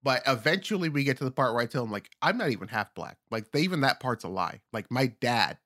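A man's voice: mid-range voice, expressive, fast talker, bright, forceful tone, dry recording, clean studio sound. A man chatting casually on a comedy podcast, rambling and acting out the voices of people he mocks.

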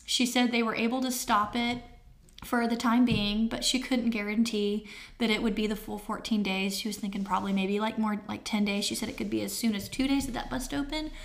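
A woman in her thirties giving a personal testimony as an interview guest, emotional and halting with many fillers, near tears. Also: fairly high pitch, steady tone, gravelly.

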